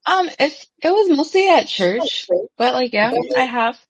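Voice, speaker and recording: A woman's voice: sits high, expressive, unhurried, dry recording, rough recording. A woman guest on a casual podcast interview who talks in a chatty way, with lots of fillers, and laughs easily.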